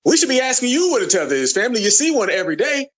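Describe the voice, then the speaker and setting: A man's voice: very high-pitched, sing-song, very fast, fairly bright tone. A man hosting an audio chat room, taunting and roasting a caller with slang. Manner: taunting, repeats slang like homie and family. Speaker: host.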